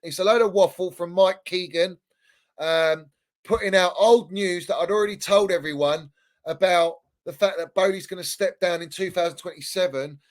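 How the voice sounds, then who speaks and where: A man's voice: high voice, normal speed. A man hosting a fan channel livestream, ranting heatedly in slang and repeating himself. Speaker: football fan channel host.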